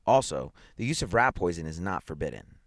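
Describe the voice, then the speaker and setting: A man's voice: deep voice, sing-song, fairly quick, dry recording, studio quality. A man voicing a ruthless, vindictive businessman who speaks harshly and chuckles at his wife's fears. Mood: cold gloating.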